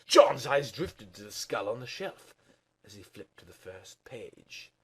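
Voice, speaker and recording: Give me a man reading aloud in a hammy, melodramatic way with wide pitch swings. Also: big pitch swings, measured pace, a bit bright, husky. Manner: over-the-top, melodramatic delivery. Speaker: channel host reading aloud. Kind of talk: comic dramatic reading.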